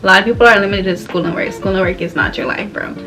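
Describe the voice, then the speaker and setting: Bright-voiced young woman chatting casually. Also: mid-range voice, fairly even intonation, quick pace, faint music behind. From Florida, US. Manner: loose, candid, slangy, laughs often. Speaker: vlogger. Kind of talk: casual chat while doing her hair.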